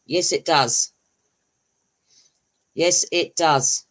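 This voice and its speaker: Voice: medium pitch, measured pace, fairly bright tone. A livestream host who chats casually, laughs often and answers viewers' comments. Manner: laughs often, chatty and rambling, answers chat.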